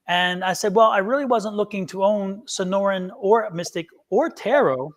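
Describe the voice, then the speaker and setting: A man hosting a live tarot stream, telling a long story in a rambling way and acting out both sides of a phone call. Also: high-pitched. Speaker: tarot reader, show host.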